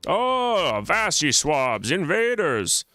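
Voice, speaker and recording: A man's voice: a little high, very animated, slow, bright, forceful tone, no room sound, pitched above the performer's own voice, heavily acted. A man voicing a drunken, rowdy pirate in a tavern, bellowing coarse demands. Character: drunk rowdy pirate seaman, loud and boorish.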